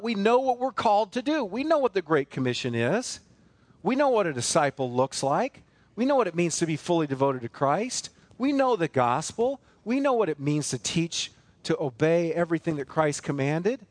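Male pastor, sermon delivery, animated rising and falling pitch, emphatic rhetorical questions. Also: moderate pace, no room sound.

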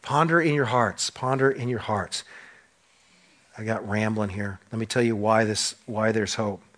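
With a fairly low pitch and a slightly slow delivery, a pastor gives an impassioned sermon to his church. He asks rhetorical questions and alternates between forceful emphasis and quiet drops.

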